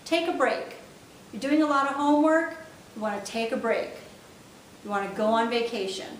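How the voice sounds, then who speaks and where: A woman's voice: steady tone, normal speed. A woman teaching sign language vocabulary, patiently repeating each word as she demonstrates it. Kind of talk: step-by-step instructional lesson. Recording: echoey room, mic at a distance, faint rumble.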